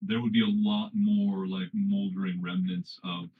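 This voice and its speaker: Man, game master, low voice, hesitant and rambling, dull lo-fi sound. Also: sing-song, measured pace, gravelly. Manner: rambling, hesitant, many fillers. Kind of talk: narrating a tabletop game. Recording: dull lo-fi audio.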